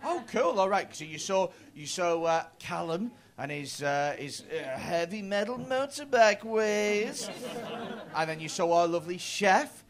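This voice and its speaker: Lively, sweary stand-up comic in his thirties. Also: a little high, moderate pace, hardly any pauses. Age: 30s. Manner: chatty, sweary, stammering restarts. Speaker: stand-up comedian doing crowd work. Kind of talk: stand-up crowd work. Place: comedy club stage.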